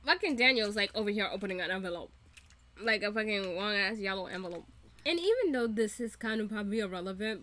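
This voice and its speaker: A young woman hosting a casual reaction video, animated and profane, laughing often as she rants. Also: mid-range voice.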